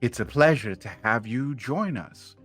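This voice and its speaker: A man's voice: mid-range voice, lively intonation, measured pace, soft background music. A man doing a courteous, formal host. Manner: courteous, welcoming. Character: male host Heretic Portvane, polite and formal.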